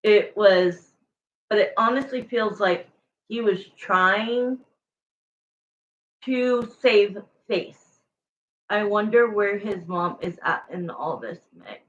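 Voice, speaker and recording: A woman's voice: mid-range voice, slow, long pauses, dull audio. A woman doing a casual tarot reading, rambling and filling her talk with "like" and "you know". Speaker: tarot reader.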